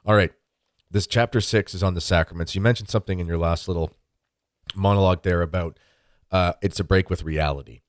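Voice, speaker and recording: A man's voice: low voice, steady tone, fairly quick, no room sound, studio quality. A man hosting a podcast, talking in a casual chat style with emphatic bursts. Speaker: podcast host.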